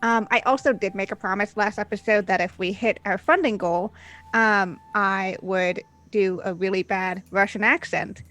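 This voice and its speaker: A woman's voice: mid-range voice, moderate pace, a bit bright. A woman game master opening a tabletop role-play stream, upbeat and chatty, with many filler sounds. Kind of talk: stream intro and announcements.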